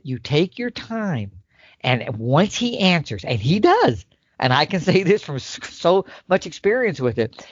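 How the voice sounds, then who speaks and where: A man explaining elk calling tactics in casual podcast talk, emphatic and animated, sometimes acting out the calls. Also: fairly high pitch, no echo, lo-fi sound. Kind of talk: instructional podcast chat.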